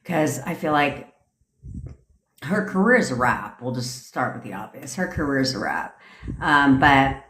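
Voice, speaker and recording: A woman's voice: very deep voice, big pitch swings, measured pace, pauses often, a bit bright. A woman coaching manifestation in a casual livestream chat, brash and profane, laughing often. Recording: echoey room.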